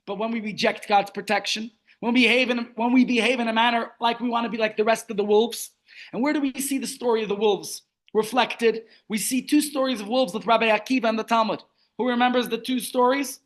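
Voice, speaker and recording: A man teaching a Torah class over a video call, telling stories and asking rhetorical questions. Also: very high-pitched. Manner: storytelling, rhetorical questions, animated. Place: online meeting.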